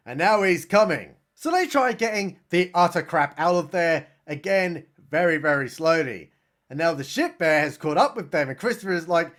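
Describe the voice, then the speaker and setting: A man's voice: sits high, expressive, a bit bright. A man giving a sarcastic, mocking comedic recap of a film. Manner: sarcastic, mocking, does quick voices for characters. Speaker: film reviewer.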